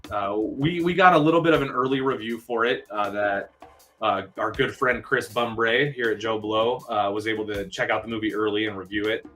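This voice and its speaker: Male live-stream host, bright and forceful tone, talks straight to viewers, soft music in the background. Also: lowish voice, a little fast. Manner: chatty, excitable, talks straight to viewers and reads comments. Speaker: channel manager hosting a live movie news show. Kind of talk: casual live-stream movie chat.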